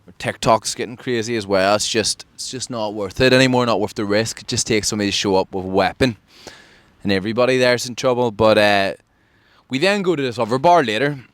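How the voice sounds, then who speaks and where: A man from Ireland tells a story on his podcast in a casual, animated way. He acts out what others said with sudden jumps in pitch. His voice sits fairly low, and the recording is close and dry with no room sound. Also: fairly quick, no room sound. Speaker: podcast host.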